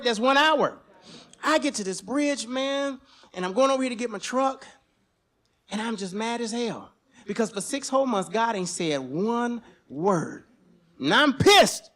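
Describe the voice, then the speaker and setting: On stage at a live storytelling event, a man with an extremely high-pitched voice tells a personal story. He's animated and profane, sometimes breaking into shouts.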